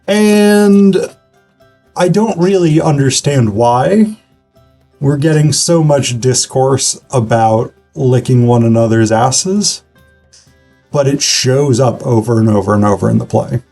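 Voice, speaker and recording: A man's voice: mid-range voice, slow pace, gravelly, mellow, faint music behind. A man giving a casual online literature lecture, talking conversationally with frequent fillers and restarts.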